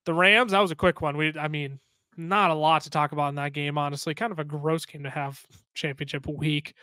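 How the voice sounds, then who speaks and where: A man co-hosting a podcast, giving brisk, opinionated and jokey fantasy football picks in casual chat. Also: a little high, steady tone, bright, forceful tone, smooth, no room sound. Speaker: podcast co-host.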